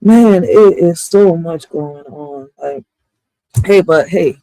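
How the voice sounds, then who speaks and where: A woman's voice: low-pitched, slow pace, dark tone, no room sound, low-quality recording. A woman who streams and writes poetry, ranting casually and with a lot of profanity, full of slang and talking straight to her chat. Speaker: streamer and poet. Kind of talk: casual live-stream rant.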